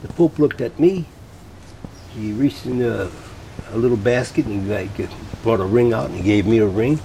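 Older man telling lively show-business stories. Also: lowish voice, moderate pace, gravelly, a little hiss or hum. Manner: lively anecdotal storyteller, acts out quoted voices. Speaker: guest, veteran voice actor and musician. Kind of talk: radio interview storytelling.

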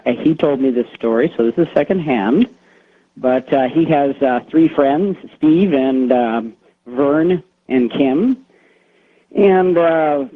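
Man caller on a tinny phone line. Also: medium pitch. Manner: rambling storytelling with many fillers. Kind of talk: telling a ghost story on a call-in show.

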